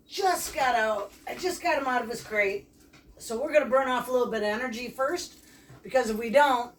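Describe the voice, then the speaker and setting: Woman explaining puppy training outdoors, distant mic. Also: on the high side. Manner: plain, practical explaining. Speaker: dog trainer. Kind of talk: casual instructional vlog. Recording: distant mic, faint background noise.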